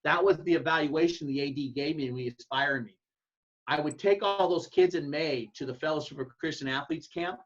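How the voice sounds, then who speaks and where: A man, a football coach, giving blunt, folksy advice to other coaches and acting out his own yelled calls. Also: on the high side, a little fast. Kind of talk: casual advice talk to coaches. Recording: dull lo-fi sound.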